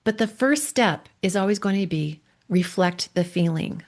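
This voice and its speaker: A woman coach and podcast host giving a gentle, earnest faith-based talk on marriage, often checking in with "right?". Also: mid-range voice, moderate pace, hardly any pauses.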